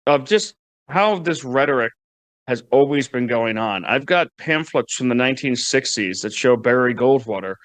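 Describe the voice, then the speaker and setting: A man's voice: medium pitch, lively intonation, normal speed, a bit bright, no room sound. A man giving casual political commentary, wry and mocking, often restarting his words.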